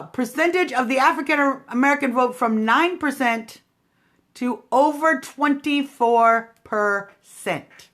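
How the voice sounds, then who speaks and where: A woman's voice: sits high, fairly bright tone. A woman hosting a casual political livestream, talking straight to her viewers in a snarky, combative way. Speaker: livestream host.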